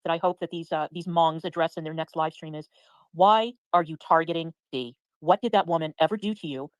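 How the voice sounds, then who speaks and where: A woman's voice: deep voice, dry recording, dull audio. A woman on a livestream, speaking in an indignant tone. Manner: indignant, rapid. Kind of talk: casual livestream chat.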